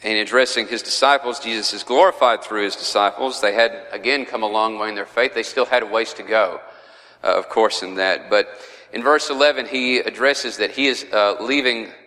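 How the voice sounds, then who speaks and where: A man's voice: fairly low pitch, normal speed, pushed and bright, long reverb tail, rough recording. A man teaching a verse-by-verse Bible study in a conversational way, with frequent fillers.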